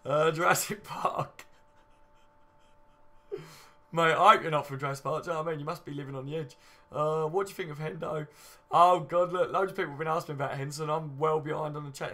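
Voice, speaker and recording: A man's voice: fairly high pitch, fairly even intonation, fairly quick, sharp tone. A man hosting a casual live stream, chatting and reading out viewer comments with easy banter. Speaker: fan channel host.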